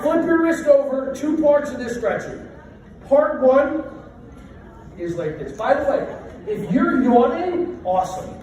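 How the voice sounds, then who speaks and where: A man's voice: very high voice, darkish tone, slight background noise. A middle-aged man leading a stretching workshop for a group, talking in a playful, joking, self-deprecating way. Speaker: workshop presenter. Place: large room with a live group. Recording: echoey room from a distant mic.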